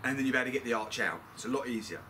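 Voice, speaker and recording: A man's voice: mid-range voice, very fast, bright, forceful tone, slight background noise. A middle-aged British man chatting bluntly through a DIY car service, swearing freely as he works. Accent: British English. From Britain. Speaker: DIY car mechanic vlogger. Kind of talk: casual how-to commentary.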